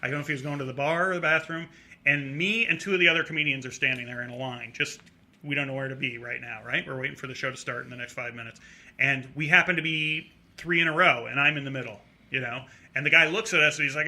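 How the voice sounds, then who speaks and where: A middle-aged male comedian telling a story in casual talk, acting out a drunk heckler in a high voice. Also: quick pace, sharp tone. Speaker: comedian guest.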